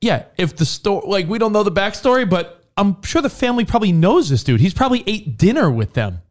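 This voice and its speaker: A man on a podcast in casual chat, arguing and cracking quick profane jokes. His voice sits fairly high and moves around a lot. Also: very animated. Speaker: podcast co-host.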